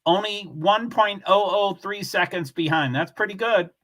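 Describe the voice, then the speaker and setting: A man's voice: high-pitched, unhurried, fairly bright tone. A man hosting a casual livestream, chatting with viewers and reading their comments aloud in a blunt, offhand way. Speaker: livestream host.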